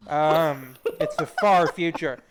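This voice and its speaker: A man's voice: fairly high pitch, takes it slowly, crowd noise. A young man hosting a casual talk show from a VR chat space, rambling and joking through silly made-up scenarios. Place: VR chat room, at home.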